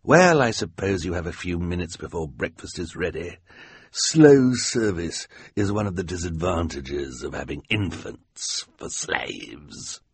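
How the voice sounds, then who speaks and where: A man's voice: low voice, lively intonation, measured pace, husky, no echo, heavily acted. A man voicing a grumpy, vain, scheming male villain who growls orders in an audiobook. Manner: growling, bossy. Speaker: audiobook character.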